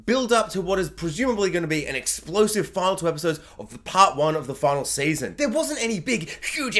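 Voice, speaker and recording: A young man with a high, light voice talks through a TV episode recap. He rambles in a loose, chatty way, full of asides and little impressions of the characters. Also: a bit bright. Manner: chatty, rambling, quick to act out quotes. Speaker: TV review vlogger. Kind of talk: casual spoken recap and review.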